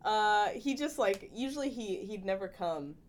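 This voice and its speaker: A young woman chatting casually, animated and full of laughs, with filler-heavy speech. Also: medium pitch, moderate pace, a little hiss or hum. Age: young adult. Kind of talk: casual podcast chat.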